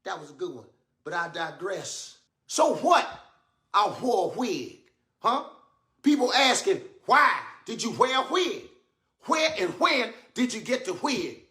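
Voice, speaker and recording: A comedian doing an impression of a famous male TV host, indignant and boastful, rambling in drawn-out asides. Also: sits high, big pitch swings, pushed and bright, exaggerated voice. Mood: mock indignant. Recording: roomy echo in a played clip.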